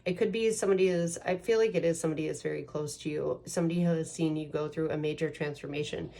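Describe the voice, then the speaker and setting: Chatty low-voiced woman reading tarot. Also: steady tone, quick pace, gravelly, dark tone. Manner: chatty, rambling, with many ums and likes. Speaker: tarot reader. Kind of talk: casual pick-a-card tarot reading.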